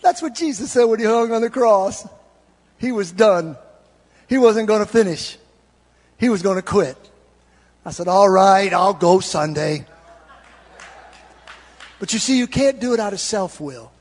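A male pastor preaching a sermon, storytelling and swinging between loud exhortation and hushed confession. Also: high voice, expressive, moderate pace, pauses often. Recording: reverberant hall.

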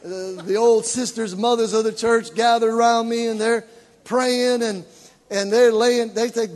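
A man preaches a sermon, telling stories and acting out the voices of their characters while building points through repetition. His voice is extremely high-pitched yet steady in tone, at a moderate pace, with a long reverb tail.

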